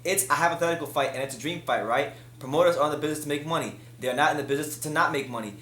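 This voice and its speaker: A man hosts a solo boxing commentary in a fired-up, exasperated manner. His voice sits a little high, and it climbs even higher whenever he vents. The room around him is noticeably echoey. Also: rapid-fire, slight background noise. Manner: heated, rising pitch when frustrated. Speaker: boxing news host.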